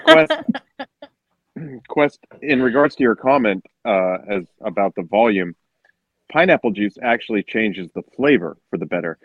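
A man's voice: fairly low pitch, lively intonation, a little slow, no room sound, narrow, tinny audio. A man co-hosting a podcast, swearing freely and teasing his friends. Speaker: podcast co-host. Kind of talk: casual chat.

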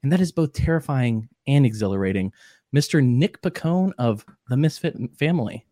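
A man's voice: medium pitch, lively intonation, normal speed, mellow, no echo, clean studio sound. A man hosting a podcast in casual chat, joking around and talking while chewing spicy jerky. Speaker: podcast host.

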